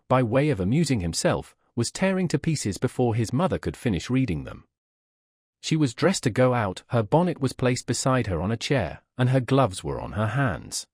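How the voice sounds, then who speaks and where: A man narrating a classic novel as an audiobook, with a measured, expressive reading. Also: mid-range voice, husky, dry recording, studio quality.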